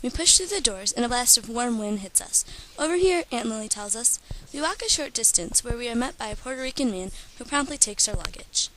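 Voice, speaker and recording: A teenage girl reading her own first-person story aloud in a steady storytelling manner. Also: fairly high pitch, fairly quick, slight background noise, low-quality recording. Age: teens. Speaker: student author.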